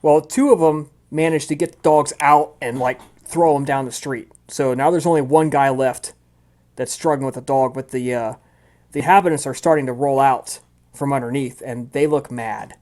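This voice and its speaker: A man's voice: medium pitch, steady tone, normal speed, a little mellow. A man narrating as game master of a tabletop role-playing game, loose and chatty with many fillers.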